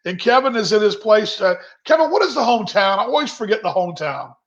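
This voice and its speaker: A man with a high voice talks fast and very animatedly while casually hosting a virtual happy hour from his kitchen. He rambles and reads out viewers' comments over dull, lo-fi video call audio.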